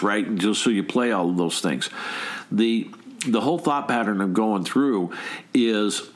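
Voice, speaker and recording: Emphatic middle-aged man, low voice. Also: a bit bright. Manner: emphatic, rhetorical questions with a tag "right?"; frequent word repeats and restarts. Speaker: motivational speaker. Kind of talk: motivational talk to viewers.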